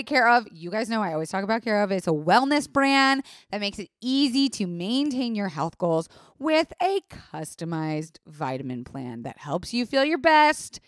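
A young woman hosts a casual podcast and tells a long personal story with plenty of swearing. She jumps into little voices for the people she quotes. Her voice sits at a middling pitch and sounds close and dry. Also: sing-song, normal speed, no room sound. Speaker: podcast host.

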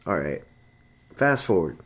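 Very animated yet measured in pace, a husky-voiced man goes off about his friends and dating. Swearing peppers the exasperated tale, and he pitches his voice way up to copy chatty pals and women.

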